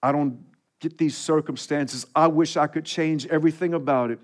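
A man preaching a sermon with a slightly higher-than-usual voice. He reads scripture aloud and leads his listeners to repeat verses with him. He builds his points through emphatic repeated refrains. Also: fairly even intonation, moderate pace. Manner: preaching with rising, emphatic repetition. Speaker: pastor.

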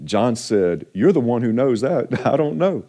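A pastor delivers an encouraging sermon, slowing for emphasis. He is a man with a dark, mellow voice at an ordinary pitch for a man. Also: lively intonation. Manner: earnest, encouraging preaching with slow emphatic stretches.

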